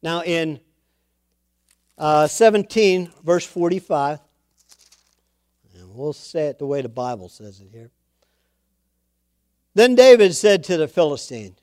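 Male preacher, high and lively, dry close sound, storytelling sermon. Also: slow pace, long pauses, clean tone, no echo. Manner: animated storytelling preacher, acts out quotes.

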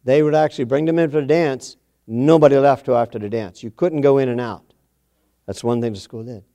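A middle-aged man delivers a sermon in a folksy, homespun way, repeating phrases for emphasis. His voice is mellow and warm, sitting at an ordinary pitch for a man. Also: fairly even intonation, a little fast. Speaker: preacher.

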